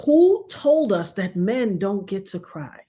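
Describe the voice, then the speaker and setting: A woman's voice: medium pitch, very animated, slow, mellow. A middle-aged woman, hosting a casual livestream chat and telling stories animatedly, acting out the voices of the people she quotes. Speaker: show host.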